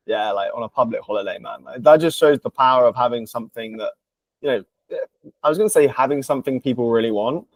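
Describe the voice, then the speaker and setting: A man's voice: medium pitch, quick pace, dry recording. A man hosting a casual interview, laid-back and peppering his speech with "like" and "mate". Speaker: podcast host, business coach.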